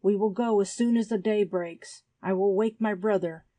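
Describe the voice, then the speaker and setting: A woman voicing a resolute young frontier woman who speaks quietly and firmly in an audiobook. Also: mid-range voice, fairly even intonation, moderate pace, no echo, lightly acted. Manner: quiet and firm. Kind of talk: audiobook character reading.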